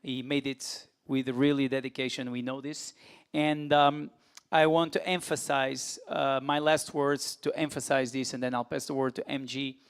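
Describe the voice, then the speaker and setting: A man's voice: fairly high pitch, smooth. A man from Portugal giving an earnest, urging conference speech at a federation forum, repeating his appeals.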